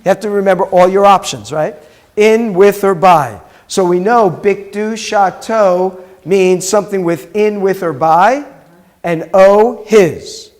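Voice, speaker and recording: A man's voice: sits high, unhurried, darkish tone. A man, a rabbi, teaching a Hebrew class and patiently explaining pronunciation step by step.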